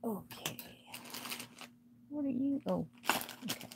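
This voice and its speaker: A woman's voice: sits high, lively intonation, takes it slowly, vocal fry, heavy background noise. A woman hosting a casual live jewelry sale, chatting to the pieces as she unpacks them and laughing often. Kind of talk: casual live-stream chat while unboxing.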